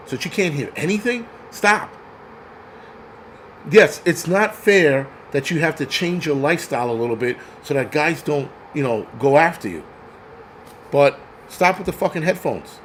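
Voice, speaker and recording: A high-pitched man rants on his live stream, cursing freely and tripping over repeated words as he presses his points. A faint hum of noise sits under his voice. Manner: profane, heated ranting with stammered restarts. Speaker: channel host.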